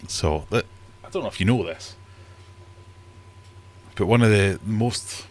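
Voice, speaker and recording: A Scottish man with a low, deep voice hosts a casual live stream from his home fish room. He is middle-aged and chats in a loose, rambling way, often poking fun at himself. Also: a little slow. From Scotland. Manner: rambling, chatty and self-deprecating. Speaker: livestream host.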